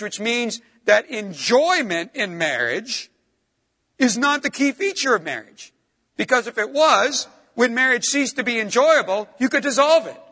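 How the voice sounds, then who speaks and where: A middle-aged man preaching a sermon, emphatic, pushing up on stressed words and dropping low and soft for asides. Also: in a large hall.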